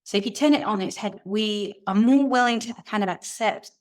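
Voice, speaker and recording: A woman co-hosting a podcast, giving her views in reflective, halting phrases. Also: medium pitch. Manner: reflective, speaks in short halting phrases with restarts. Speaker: podcast co-host. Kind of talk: casual discussion.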